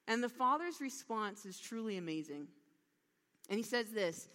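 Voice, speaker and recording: A woman giving a sermon, retelling a parable with lively storytelling and acted-out lines. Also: a little high, moderate pace. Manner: animated storytelling with acted-out dialogue. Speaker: preacher. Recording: long hall reverb.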